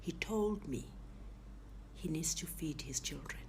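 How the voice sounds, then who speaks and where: Hushed South African woman, low voice. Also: expressive, measured pace, whispered. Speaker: guest telling her story. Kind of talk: emotional personal testimony.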